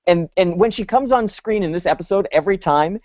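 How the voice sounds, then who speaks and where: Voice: medium pitch, fairly quick, a little mellow, no room sound. A podcast co-host in casual chat, speaking frankly and complaining, with frequent restarts. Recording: dry, dull lo-fi podcast audio.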